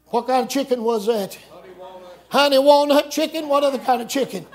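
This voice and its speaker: A middle-aged man preaching a camp meeting sermon, folksy and joking, breaking into shouts. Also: very high-pitched, normal speed. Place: church camp meeting with congregation.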